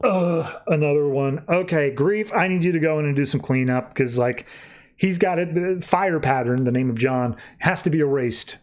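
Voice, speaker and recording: A man's voice: fairly high pitch, moderate pace, a little mellow, natural voice. A man voicing a manipulative male comic-book villain, taunting and condescending as he retells a story. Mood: exasperated.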